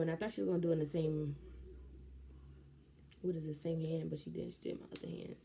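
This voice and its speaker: A young woman, telling a story in a casual vlog, animated and slangy. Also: sits low, quick pace, vocal fry, long pauses. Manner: animated, slangy, jumps into quoted voices. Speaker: vlogger.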